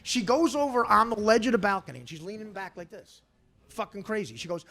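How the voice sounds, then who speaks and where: A man telling profane, animated stories on a podcast, acting out the people he quotes. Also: high-pitched, fast. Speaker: guest comedian. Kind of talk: storytelling on a podcast.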